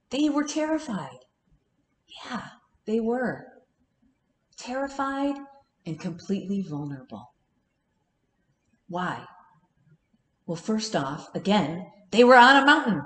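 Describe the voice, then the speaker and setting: A woman minister telling a personal story in a sermon, animated and dramatic, in a church. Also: high-pitched, echoey room, in a large hall. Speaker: children and youth minister preaching. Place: church sanctuary.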